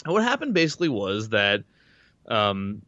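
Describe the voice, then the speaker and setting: A man's voice: fairly low pitch, huge pitch swings, moderate pace, sharp tone, no room sound, dull audio. A man co-hosting a podcast, casually recapping a horror novel in a loose, rambling way with restarts and casual swearing. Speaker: podcast co-host. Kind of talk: casual chat recapping a book.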